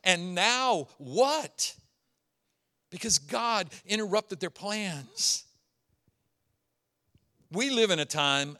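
A male pastor preaching a sermon, retelling a story and acting out its characters in quick asides. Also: sits high, pushed and bright.

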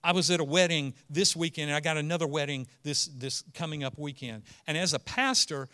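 Delivering a sermon, this male pastor alternates hushed stories with fervent, emphatic statements. He sounds on the high side and clean in tone, speaking fairly quickly.

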